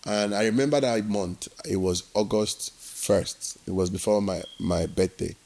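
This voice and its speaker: A man's voice: fairly low pitch, a little slow, a little hiss or hum. A man from Nigeria, telling his work story as an interview guest and acting out the dialogue. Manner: animated storyteller who acts out quoted dialogue.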